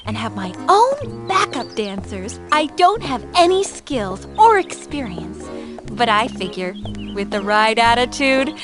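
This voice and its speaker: A giggly, flighty young singer-hopeful. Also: female voice, a little high, very animated, a little slow, over music. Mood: bubbly. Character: bubbly young woman, former bank teller, aspiring singer.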